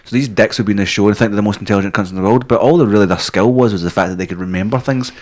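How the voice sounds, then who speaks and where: A man's voice: on the low side, rapid-fire. A Scottish man co-hosting a podcast, rambling and swearing constantly as he jokes. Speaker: podcast co-host. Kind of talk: crude casual chat.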